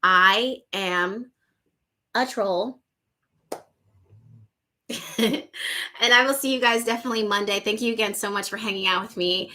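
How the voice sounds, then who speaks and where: A woman hosts a relaxed live chat, reading out viewers' comments one after another. Her voice is bright and clear, and she is effusive, savoring lines by saying them again. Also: on the high side, a little fast. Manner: effusive, repeats phrases to savor them, laughs often. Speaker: livestream host.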